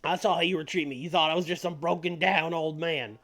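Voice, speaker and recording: A man's voice: a little high, fairly even intonation, fast talker, fairly bright tone. A man putting on an impression of a boastful old wrestling legend who drawls and keeps calling people baby. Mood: defensive boasting. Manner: drawling, calls everyone baby.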